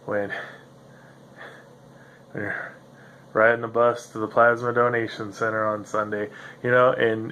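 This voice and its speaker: A man's voice: lowish voice, creaky, a bit bright, a little hiss or hum. A man hosting a solo podcast, musing in a meandering, self-interrupting way with a slightly nasal voice. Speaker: podcast host. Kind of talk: rambling solo monologue.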